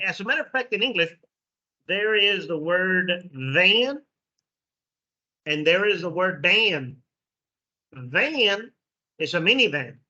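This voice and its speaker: Guy teaching english sounds, sharp bright voice, really slow, muffled lo-fi audio. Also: sits high. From Mexico. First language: Spanish. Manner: slow, repeats sounds, checks in with "okay". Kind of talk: classroom phonetics lesson. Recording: dull lo-fi recording.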